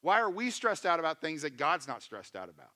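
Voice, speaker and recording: A man's voice: fairly high pitch, sing-song, a little fast, bright, forceful tone. A male pastor preaching a sermon, conversational and emphatic, asking his congregation questions and acting out quotes. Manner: emphatic, acts out quotes in voices.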